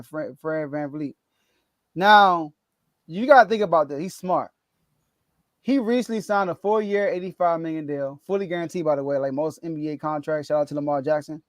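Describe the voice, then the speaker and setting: A man's voice: on the high side, no echo. A man hosting a casual sports talk podcast, laughing often and ranting with animation. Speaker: podcast host.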